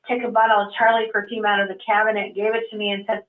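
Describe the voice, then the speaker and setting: Co-host, woman, earnest halting testimony; distant echoey phone-quality audio. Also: on the high side. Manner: earnest, halting, with many false starts. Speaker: co-host of a call-in show. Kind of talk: casual personal testimony.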